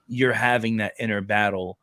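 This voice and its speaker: A man in his thirties hosting a casual faith podcast, an animated storyteller who keeps saying "yo" and "bro". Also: on the low side, normal speed, no room sound, clean studio sound. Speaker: podcast host.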